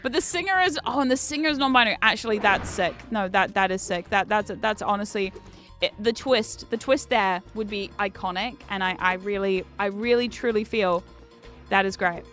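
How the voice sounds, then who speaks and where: A woman's voice: medium pitch, moderate pace, soft background music. A young woman, British by birth, chatting and swearing through a game stream as a VTuber host. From Britain. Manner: chatty, swears, bursts of frustrated shouting. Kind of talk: casual gameplay commentary.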